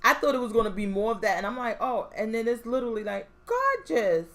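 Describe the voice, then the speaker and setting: A young adult woman co-hosting a podcast in casual chat, animated, laughing often and acting out quotes. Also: a little high, fast talker. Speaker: podcast co-host.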